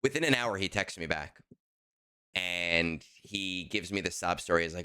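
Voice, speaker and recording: Podcast co-host, man, very low voice, crisp and bright, animated emphatic storyteller. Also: normal speed. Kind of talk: casual chat.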